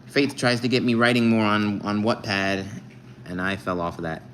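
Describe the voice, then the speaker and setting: A young man with a fairly low voice chats casually on a live stream, reading viewers' comments aloud. His manner is playful and teasing. A faint background noise sits under the recording. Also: moderate pace. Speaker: livestreamer.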